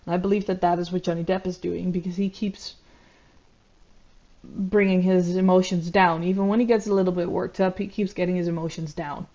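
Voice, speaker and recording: A woman commentating on a video, talking in a measured, reflective way with frequent ums and uhs. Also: lowish voice, level tone, dark tone, dull audio. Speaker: YouTube commentator. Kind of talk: analytical commentary.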